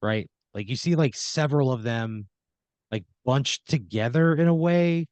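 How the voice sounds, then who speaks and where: A man's voice: mid-range voice, measured pace, a little mellow, dry recording. A man improvising a rambling, profane story in the second person, full of fillers, as a comedy podcast co-host.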